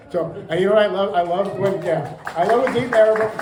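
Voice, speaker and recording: A man gives a public talk to a live audience, chatty and quick to crack a joke. His voice sits a bit high but has a mellow tone. The room is echoey, with faint background ambience. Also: fairly even intonation, a little hiss or hum. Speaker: museum director and historian giving a talk. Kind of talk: public lecture. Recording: roomy hall with faint ambience.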